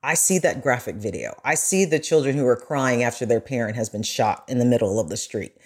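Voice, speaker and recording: A woman's voice: very deep voice, animated, brisk, slightly rough. A woman journalist, a podcast guest, talking earnestly and with feeling in casual conversation. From United States. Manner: earnest, growing emotional.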